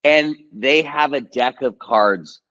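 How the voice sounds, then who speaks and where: A man in his thirties, an actor and guest, talking casually and telling a story in a halting, hesitant way. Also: mid-range voice, fairly bright tone, dull audio. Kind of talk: casual chat.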